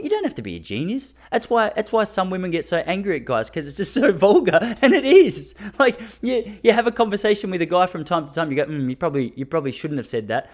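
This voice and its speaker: An Australian man in his thirties hosting a solo podcast, talking intensely and laughing between his points. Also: on the high side. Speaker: podcast host. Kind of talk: casual solo podcast monologue.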